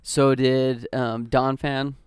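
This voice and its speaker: Podcast guy rambling about being a kid, smooth clear voice. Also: medium pitch, little pitch movement, slow, dry recording, clean studio sound. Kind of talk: casual chat.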